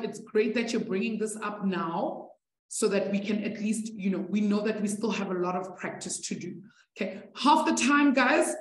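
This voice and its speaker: Chatty woman teacher in an echoey room. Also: medium pitch. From South Africa. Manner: chatty, encouraging, laughs with students. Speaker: maths teacher. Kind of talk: live online maths class.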